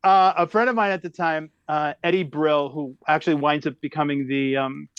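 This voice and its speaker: Animated, higher-voiced comedian man in his fifties. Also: normal speed, clear, resonant tone, no room sound, lo-fi sound. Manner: lively, exaggerated, laughing at his own story. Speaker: comedian guest. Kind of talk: animated storytelling.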